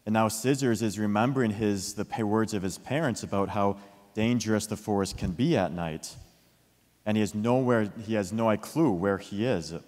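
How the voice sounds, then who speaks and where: A man's voice: fairly low pitch, normal speed. Man telling a children's story. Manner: lively, asks the listeners questions. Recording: long hall reverb.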